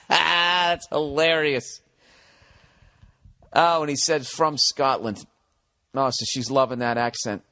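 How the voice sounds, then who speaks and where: Male podcast host, forceful bright voice, foul-mouthed riffing advice, dry close sound. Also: fairly high pitch, fairly even intonation, takes it slowly, long pauses, clean tone, no echo. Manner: profane, riffing and emphatic. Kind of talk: comedic advice rant.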